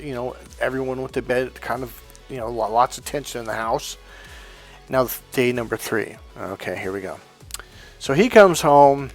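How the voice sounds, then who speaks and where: A man and dating coach telling a casual anecdote in a rambling, profane way, with many restarts. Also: medium pitch.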